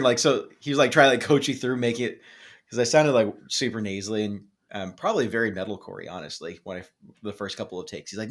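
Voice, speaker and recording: A man's voice: mid-range voice, fairly even intonation, fast, a bit bright. A man co-hosting a music podcast, telling a rambling story in casual chat with plenty of fillers and restarts. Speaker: podcast co-host.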